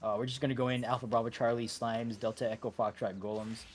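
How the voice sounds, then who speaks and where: Over voice chat, a raid leader with a medium pitch coordinates an online game session in a calm manner. His speech is loose and stop-start, full of "uh" and restarted sentences, and it sounds like he's using a headset mic from home.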